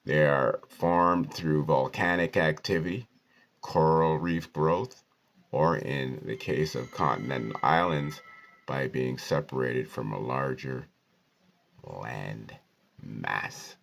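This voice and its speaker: A man with an extremely deep voice explains how to decode words, one sound at a time. He speaks slowly and deliberately. He keeps punctuating his points with "okay" and "right" as he teaches. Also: vocal fry. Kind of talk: esoteric word-decoding lesson.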